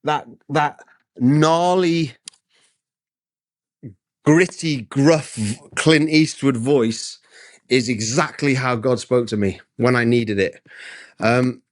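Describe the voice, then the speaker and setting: A middle-aged man, an interview guest, telling a personal story in an emphatic, animated way with frequent restarts, speaking over a video call from his studio. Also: mid-range voice, slow, pauses often.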